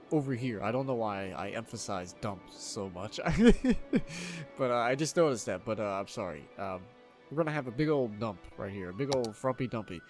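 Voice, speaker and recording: A man casually commentating his own city-building game, excitable, swearing freely and laughing often. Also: mid-range voice. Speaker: gameplay video host. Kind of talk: casual let's-play commentary.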